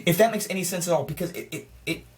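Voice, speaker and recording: A film reviewer giving a casual spoiler review, rambling and excitable, often restarting sentences and firing off frustrated rhetorical questions. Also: medium pitch, racing. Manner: rambling and excitable, with frequent restarts and stammered repeats.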